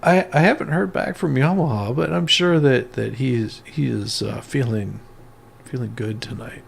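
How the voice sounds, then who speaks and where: Brief: mid-pitched, gravelly man hosting over a call mic. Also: normal speed, slight background noise. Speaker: host. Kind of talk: casual group chat. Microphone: online call mic.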